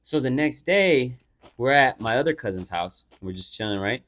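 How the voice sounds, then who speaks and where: A man's voice: mid-range voice, animated, normal speed, a bit bright. A young adult man co-hosting a podcast, telling a story in loose, profane casual chat full of "like" fillers. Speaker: podcast co-host.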